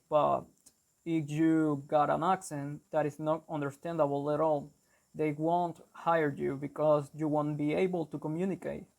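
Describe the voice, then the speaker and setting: A young man hosting an English-learning channel, explaining a lesson carefully and deliberately, with small restarts. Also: on the high side, creaky, darkish tone. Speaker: English teacher, channel host.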